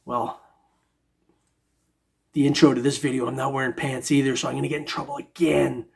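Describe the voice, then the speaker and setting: A middle-aged man vlogs about his metal detecting hobby, chatting in a laid-back, joking way and rambling with plenty of fillers. His medium-pitched voice has vocal fry, a flat delivery, and a fairly quick pace.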